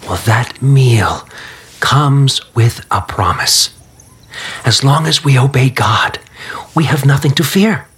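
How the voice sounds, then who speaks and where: An actor playing a gentle father who reassures his small daughter in soft whispers, in an audio Bible drama. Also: medium pitch, lively intonation, slow pace, slightly rough, heavily acted. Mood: tender, reassuring.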